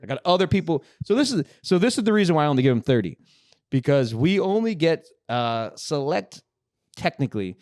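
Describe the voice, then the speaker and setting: Animated swearing storyteller man. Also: a little high, fairly quick, no echo, clean studio sound. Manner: animated, swearing, acts out dialogue. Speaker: podcast host. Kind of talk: casual storytelling.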